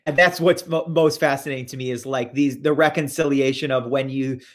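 A man's voice: mid-range voice, steady tone, fairly quick. A man hosting a casual video interview, effusive and eager in his reactions. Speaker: host.

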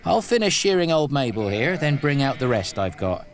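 An actor playing a shrewd but friendly shepherd who talks in a plain, easygoing way in a video game. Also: male voice, medium pitch, big pitch swings, normal speed, a little hiss or hum. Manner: plain-spoken, easygoing haggler.

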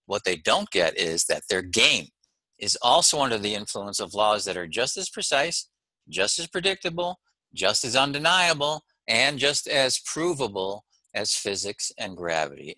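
Emphatic man coaching, bright dry voice. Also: medium pitch, no echo, low-quality recording. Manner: emphatic, repeats points in short punchy phrases; friendly, conversational, checks in with "okay?". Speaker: golf mental-game coach. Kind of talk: recorded course lecture to camera.

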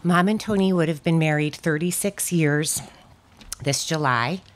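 A woman with a deep, low voice gives a memorial tribute in a church. She speaks unhurriedly and pauses often to gather her words, with plenty of small hesitations. The talk is personal and fond. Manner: unhurried, hesitant with frequent ums. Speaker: daughter speaking at a memorial service.

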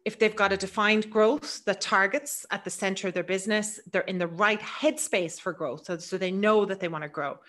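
A middle-aged woman with an Irish accent giving a quick, chatty business webinar presentation. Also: medium pitch, a bit bright. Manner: fast, chatty, laughs easily.

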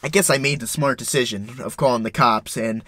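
A young man vlogging, retelling a story in an excitable, profane way with lots of stumbles and restarts. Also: medium pitch, a little fast, no echo. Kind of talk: casual storytelling.

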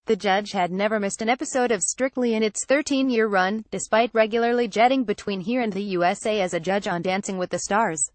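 A woman reads out a news article in a steady, uninflected delivery. Her voice sits at an ordinary middle pitch and sounds close and dry, with no room around it. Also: brisk, hardly any pauses, dry recording. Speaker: news reader. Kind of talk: reading an online article aloud.

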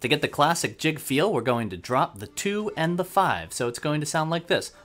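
A man's voice: a little high, sing-song, moderate pace, over loud music. A man teaching accordion who explains methodically and counts beats aloud. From United States. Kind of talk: instructional music lesson. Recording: accordion playing throughout.

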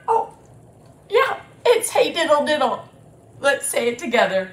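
A woman leading a children's storytime as librarian, animated and sing-song, talking to little ones and their grown-ups. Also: high voice, a little slow, long pauses. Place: library room. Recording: roomy echo.

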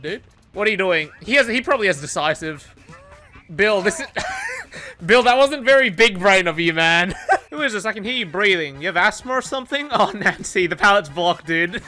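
A man commentating his own gameplay in a loose, joking way, laughing often and teasing players with slang. His voice is bright and swings widely in pitch, with faint music under him. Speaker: gaming YouTuber.

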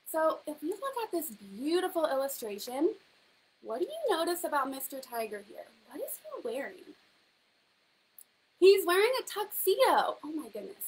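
A woman's voice: sits high, poor audio. A young woman reading a picture book aloud to children in a teacherly way, stopping to ask them questions. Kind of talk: children's story time reading.

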